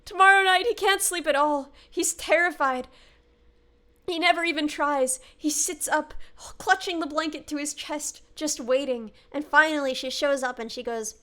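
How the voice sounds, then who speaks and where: A woman's voice: high voice, moderate pace, sharp tone. A young woman streamer, sick, chatting and telling a ghost story with a giggly, dramatic manner. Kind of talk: casual chat and storytelling.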